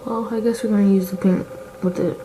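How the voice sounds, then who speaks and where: Over a noisy background, a beauty vlogger in her late teens chats a bit fast in a steady, medium-pitched voice while doing her makeup. She rambles confessionally with lots of "like" fillers, candid and emotional about what she's feeling.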